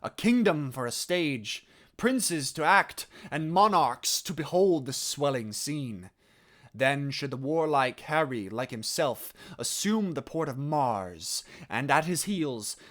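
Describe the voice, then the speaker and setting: A man's voice: on the high side, a bit bright, voice pushed up, full character voice. A man performing a male Chorus narrator of a classical stage play, declaiming with strong emphasis on key words.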